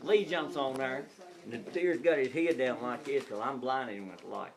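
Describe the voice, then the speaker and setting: A man's voice: medium pitch, normal speed, gravelly, crowd noise. A man telling a hunting story to family, laughing as he goes. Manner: laughing, animated, colloquial storytelling.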